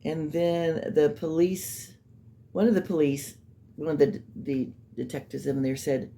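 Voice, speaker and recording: Woman, low and mellow voice, skeptical casual true-crime commentator. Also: steady tone, unhurried. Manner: skeptical, rambling, mocking asides.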